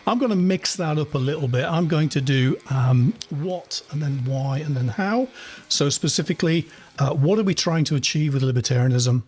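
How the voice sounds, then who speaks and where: A man's voice: a little high, normal speed. A man hosting a podcast interview, asking rambling, chatty questions with plenty of fillers. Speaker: podcast host. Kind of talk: conversational interview.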